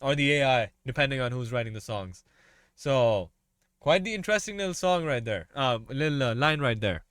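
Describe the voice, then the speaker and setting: A man's voice: mid-range voice, expressive, moderate pace, fairly bright tone, clean tone, no echo. A man hosting a music reaction, casually breaking down lyrics in loose, run-on asides.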